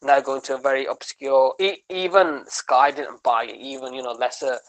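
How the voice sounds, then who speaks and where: A man, a comedian guesting on a podcast, telling animated, rambling stories in casual chat and tagging his lines with "man" and "right?". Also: mid-range voice, moderate pace, rough recording. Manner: animated storytelling, rambling with many restarts.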